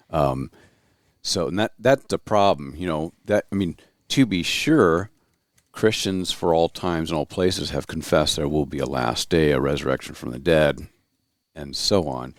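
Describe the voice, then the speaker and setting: A man with a very deep voice co-hosts a relaxed talk podcast. He reasons aloud and stops to search for his words, and the sound is dry and close-miked. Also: no echo. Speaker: podcast co-host. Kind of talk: casual discussion.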